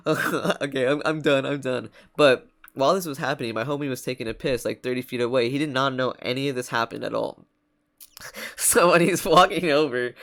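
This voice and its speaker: A man's voice: mid-range voice, a bit bright. A young man casually telling a story to his vlog audience, slangy and laid-back, often breaking into laughter. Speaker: vlogger.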